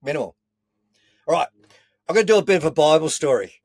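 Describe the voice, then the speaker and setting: An Australian man, a podcast guest, telling a story in an animated, earthy way with a few mild swear words, speaking from inside a caravan. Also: on the high side, quick pace, husky, dry recording. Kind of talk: casual storytelling chat.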